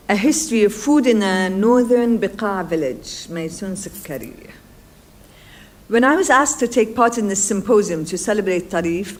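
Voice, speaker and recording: A woman reading out a colleague's academic paper at a university panel, in a measured, steady way. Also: mid-range voice. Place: lecture hall.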